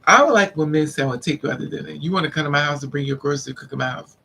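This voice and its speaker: A woman vlogger telling a story in a casual, animated way, repeating lines for emphasis and acting out what men said to her. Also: low-pitched, racing, gravelly, slightly rough, rough recording. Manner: acts out the men's lines in quotes.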